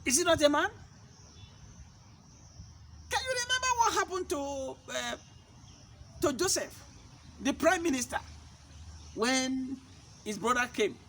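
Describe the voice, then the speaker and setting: A man's voice: extremely high pitch, fairly bright tone, slight background noise. A man preaching a sermon-style teaching. He fires rhetorical questions at his listeners and hammers his points by repeating them. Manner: emphatic, repeats key points.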